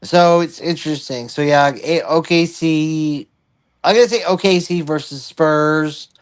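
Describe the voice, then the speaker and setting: A man's voice: on the high side, unhurried, clean tone. A man co-hosting a casual sports talk show, thinking aloud with frequent restarts and fillers. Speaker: podcast co-host.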